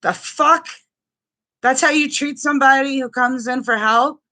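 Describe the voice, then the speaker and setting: A woman's voice: sits high, steady tone, brisk, pushed and bright. A woman telling a personal story in a vlog, blunt and profane, raw and indignant, with many restarts. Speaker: vlogger sharing a personal experience. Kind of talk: angry personal testimony vlog.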